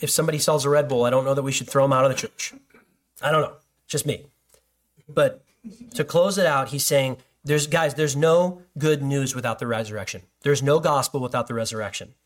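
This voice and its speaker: A man, a pastor, preaching a sermon in a loose conversational way, with joking asides and stories. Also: medium pitch.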